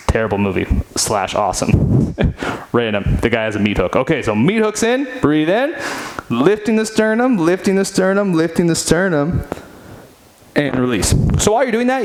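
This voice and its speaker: A man's voice: mid-range voice, a little hiss or hum, poor audio. A man instructing a guided seated stretching workout, upbeat and chatty, counting reps aloud in a home studio. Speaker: fitness instructor.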